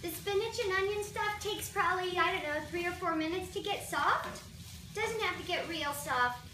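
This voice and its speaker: Brief: playful woman host of a home cooking demo, high voice, mic far off in a roomy kitchen. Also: moderate pace. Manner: chatty, playful, self-deprecating. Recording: roomy, distant, noisy kitchen recording.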